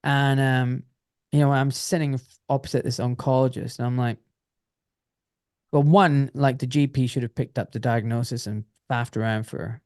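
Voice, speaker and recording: A man's voice: mid-range voice, moderate pace, no room sound, studio quality. A middle-aged man with a British accent, a former doctor telling his story as a podcast guest. He talks casually, swears freely and acts out what others said. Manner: animated, swears, acts out quoted voices.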